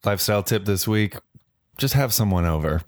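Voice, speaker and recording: A man with a very low voice co-hosts a comedy podcast. He rambles through an offbeat bit in a deadpan way, and the recording is close and dry. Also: brisk, no echo. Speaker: podcast co-host.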